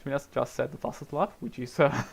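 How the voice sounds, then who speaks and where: A man's voice: mid-range voice, fairly even intonation, fast, gravelly. A young Italian man with an Italian accent, casually commentating his racing game stream in a chatty, rambling way. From Italy. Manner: chatty, rambling, frequent restarts and little laughs.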